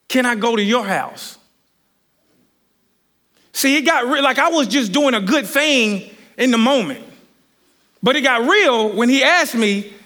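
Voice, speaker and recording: A man preaching a sermon, telling a story in an animated, rambling way with many restarts. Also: very high voice.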